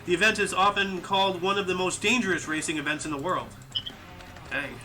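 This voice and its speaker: Bright high-voiced young man, casual. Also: fairly even intonation, a little fast, faint music behind, low-quality recording. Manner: laughs often, reads facts aloud. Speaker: podcast co-host. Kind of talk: casual chat reading history facts.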